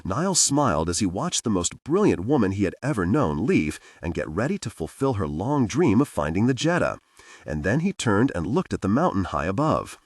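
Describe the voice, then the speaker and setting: A man narrates a thriller audiobook in a measured storytelling way. His low voice is husky and rises and falls a lot. The recording is dry and sounds set back from the mic. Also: big pitch swings, no echo. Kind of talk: scripted narration. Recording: dry, distant-miked.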